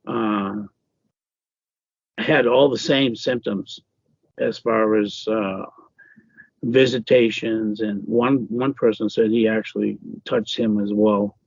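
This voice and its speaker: A man being interviewed as an author, talking casually in a halting way with many fillers and restarts. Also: fairly low pitch, a little mellow, no room sound, dull audio. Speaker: author guest.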